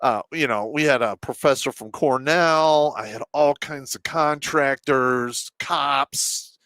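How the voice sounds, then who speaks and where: A man hosting a live stream, telling army stories in a casual, profane way, laughing often and loudly acting out quotes. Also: mid-range voice, slow pace, dry recording. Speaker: show host and veteran.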